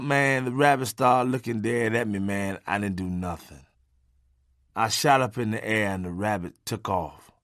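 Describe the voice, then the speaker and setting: A man's voice: medium pitch, a bit bright, dry recording, studio quality. A man telling comic stories from his life in a casual, profane style, tagging sentences with "man". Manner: casual, street-talk, punctuated by "man". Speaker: comedian reading his memoir.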